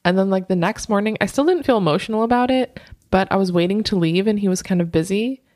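A woman co-hosting a casual podcast chat, recounting a personal story in a loose, rambling way with lots of "like" fillers. Her voice sits at an ordinary middle pitch, and the sound is dry and close with no room echo. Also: fast, darkish tone. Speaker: podcast co-host.

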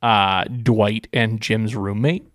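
A man's voice: on the low side, slow, dry recording, studio quality. A man co-hosting a podcast in casual chat, eagerly quoting scenes and agreeing often. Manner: enthusiastic, quotes scenes in animated voices. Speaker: podcast co-host.

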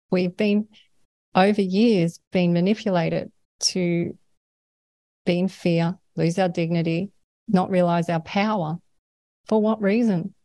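An Australian woman speaks in a meandering, earnest way, laughing now and then as she talks. Her voice sits a little low. The sound is dry, with no room echo. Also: mellow. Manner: earnest, rambling, laughs often. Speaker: paranormal experiencer, guest. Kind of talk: conversational interview.

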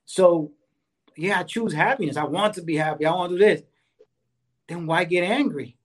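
A man with a high voice speaks at a moderate pace, giving casual advice as co-host of a conversation about anger. He's earnest, checks in often with "right?" and "you know," and talks about fitness as someone who enjoys exercise.

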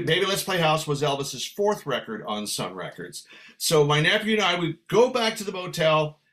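An older man from San Francisco, USA, a guest musician with a voice on the high side, tells a lively story in conversation. He's animated, acting out the dialogue as he goes.

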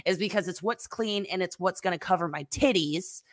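A woman's voice: lowish voice, brisk, no echo, clean studio sound. A woman in her thirties co-hosting a podcast, telling stories in casual chat, swearing freely and laughing often. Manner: profane, storytelling, laughing often. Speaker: podcast co-host.

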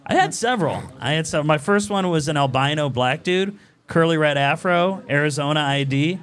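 A man's voice: a little high, lively intonation, normal speed, a bit bright. A man guesting on a podcast who tells crude stories animatedly and laughs mid-sentence. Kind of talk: casual crude storytelling.

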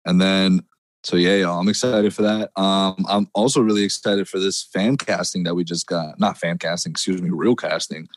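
Casting note: relaxed podcast co-host, man, lower voice, slangy, laughs easily, dry close sound. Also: moderate pace, no echo. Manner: laid-back, laughs often, slangy. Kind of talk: casual chat.

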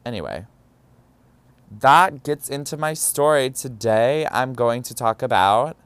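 A man's voice: medium pitch, lively intonation, a little slow, a bit bright, smooth, no room sound. A young man hosting a podcast, telling a personal story in a candid, profane way with dramatic exclamations. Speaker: podcast host. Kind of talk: casual storytelling monologue.

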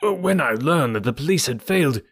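A browbeaten, agitated headmaster in a storybook reading, as a man acts him out, raised above the reader's own pitch. He talks in a flustered, pleading way, and the voice is dry and close. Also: lively intonation, normal speed, slightly rough, dry recording.

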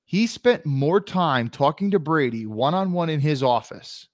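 A man's voice: a little high, expressive, unhurried, no room sound, clean studio sound. A man co-hosting a sports podcast in casual chat, arguing his points at length. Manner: argumentative, explains at length. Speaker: podcast co-host.

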